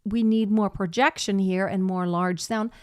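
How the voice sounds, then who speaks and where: A woman's voice: medium pitch, fairly even intonation, measured pace, darkish tone, no room sound, clean studio sound. A woman voice teacher giving a live singing lesson, explaining technique and breaking into short sung demonstrations.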